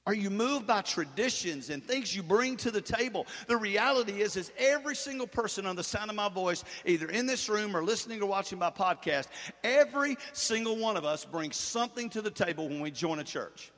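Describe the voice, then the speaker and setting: A man's voice: sits high, animated, fairly quick, fairly bright tone, in a large hall. A man pastor preaching a sermon to his church, with call-and-response and fervent emphasis. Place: church sanctuary.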